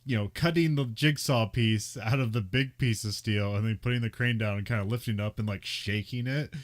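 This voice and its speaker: Talking fairly quickly in a voice on the low side, a young podcast co-host chats loosely, filling his rambling remarks with fillers and laughing a lot.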